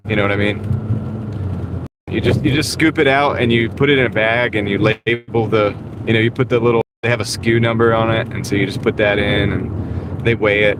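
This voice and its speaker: A man livestreaming while driving for food deliveries, chatting in a rambling way and answering viewer comments. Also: fairly low pitch. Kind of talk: casual live-stream chat while driving. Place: inside a car driving in the rain. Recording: steady road and car noise behind. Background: car and road noise.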